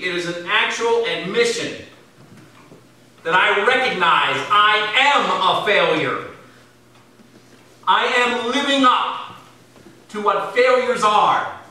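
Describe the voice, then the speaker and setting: A man preaching a sermon as pastor, swinging from loud emphatic bursts to low, quiet asides. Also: expressive, unhurried, long pauses. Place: church sanctuary. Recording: very echoey church from far off.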